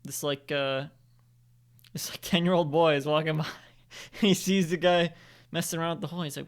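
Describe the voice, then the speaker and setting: A man's voice: a little high, steady tone, moderate pace, pauses often, clear, resonant tone. A young man at home improvising a story, rambling with lots of fillers and self-corrections. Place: home, indoors.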